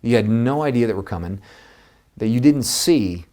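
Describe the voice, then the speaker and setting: A man giving an energetic, conversational coaching talk to real estate agents, speaking with emphasis. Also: medium pitch, moderate pace.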